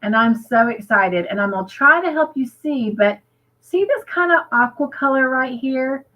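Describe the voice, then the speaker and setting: A woman's voice: high-pitched, expressive, normal speed, bright, forceful tone, poor audio. Chatty American woman hosting a livestream. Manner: reads viewer comments aloud, chatty and upbeat. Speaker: livestream host. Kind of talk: casual livestream chat.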